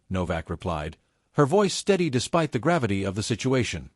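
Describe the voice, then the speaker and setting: Guy narrating space war story, lively pitch, dry close sound. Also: breathy edge, no room sound. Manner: dramatic, measured storytelling. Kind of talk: scripted audiobook narration.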